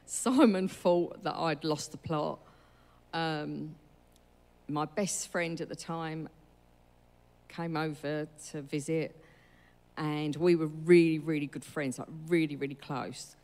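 A woman's voice: sits low, level tone, slow, long pauses, a little mellow. A woman giving a personal testimony in a church, telling her story in a rambling, chatty way and correcting herself as she goes. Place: church hall. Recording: reverberant church hall.

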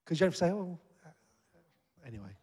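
Earnest preacher in a reverberant hall. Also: male voice, a little high, normal speed, a little mellow. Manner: earnest, conversational preaching that rises to emphatic peaks. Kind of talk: sermon.

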